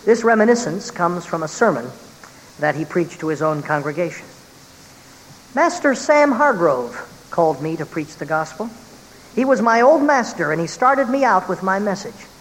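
Expressive reader with reverberant hiss. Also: mid-range voice, moderate pace. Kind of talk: dramatic reading of a historical sermon. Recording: reverberant room with faint hiss.

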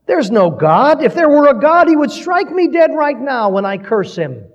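A man voicing a small, scornful heckler who shouts in a cutting voice. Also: very high-pitched, very animated, moderate pace, pitched above the performer's own voice, exaggerated voice. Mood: jeering. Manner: cutting, jeering. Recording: dull recording with long hall reverb.

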